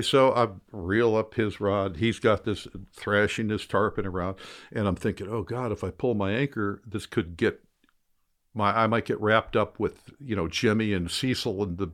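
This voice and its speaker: An older man, a former fishing guide, telling a lively story in casual conversation and shouting out the quoted lines. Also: on the low side, moderate pace.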